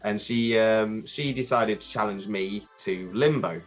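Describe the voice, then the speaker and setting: A man, a podcast guest telling a rambling, animated story with many restarts. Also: fairly low pitch, measured pace, soft background music. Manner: animated, acts out crowd voices. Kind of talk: casual storytelling.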